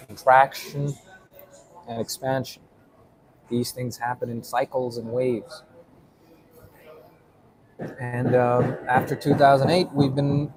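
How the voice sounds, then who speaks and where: A man's voice: medium pitch, a little mellow, rough recording. A man giving a casual explainer monologue, rambling with many fillers and tagging points with "right?". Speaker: vlogger.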